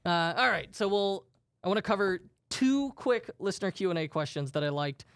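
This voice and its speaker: A man's voice: sits high, expressive, normal speed, a bit bright, clear, resonant tone, dry recording, clean studio sound. A man co-hosting a podcast, telling stories in a jokey, self-deprecating way. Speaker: podcast co-host. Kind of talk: casual podcast chat.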